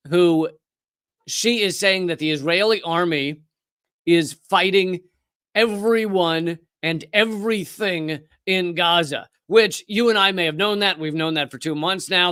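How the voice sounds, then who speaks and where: A man hosting a live political commentary stream, talking fast and heatedly with frequent restarts. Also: a little high, pushed and bright, clean tone, dry recording. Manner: impassioned, fast, with restarts and profanity.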